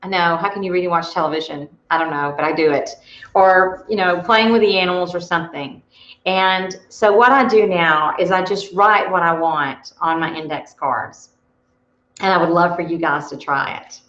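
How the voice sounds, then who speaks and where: A woman leads a motivational workshop, sharing personal stories in a chatty way and restarting her sentences often. Her voice is on the low side and a bit bright, at a moderate pace, and the audio sounds roomy and dull.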